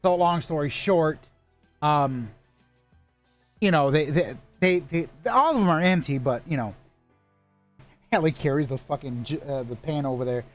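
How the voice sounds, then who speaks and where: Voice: medium pitch, normal speed, pauses often, faint music behind. A game master narrating a tabletop role-playing game, rambling with frequent restarts and heavy swearing.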